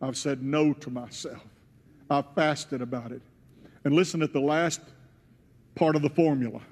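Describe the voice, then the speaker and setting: A pastor preaching a sermon, retelling a scripture story in first person and swelling to loud, emotional peaks. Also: male voice, a little high, fairly even intonation, moderate pace. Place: church sanctuary. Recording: church hall with long reverb.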